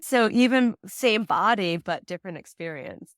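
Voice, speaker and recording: A woman guest in a casual interview, chatty and quick to laugh, often acting out the voices of people she quotes. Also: medium pitch, expressive, no echo, studio quality. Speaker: prenatal yoga teacher and doula, guest.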